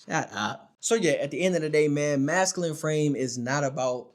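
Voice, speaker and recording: Emphatic slangy man giving advice. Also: a little fast. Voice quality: voice not especially deep. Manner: emphatic, slangy, keeps checking in with "all right?" and "my dog". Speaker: dating advice creator. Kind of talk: casual direct-to-camera monologue.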